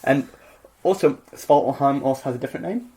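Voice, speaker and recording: A man co-hosting a podcast, reading myths aloud and chatting in an animated, joking way. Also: mid-range voice, brisk, slightly rough. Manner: animated, joking, mock voices. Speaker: podcast co-host. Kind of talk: casual chat and reading myths.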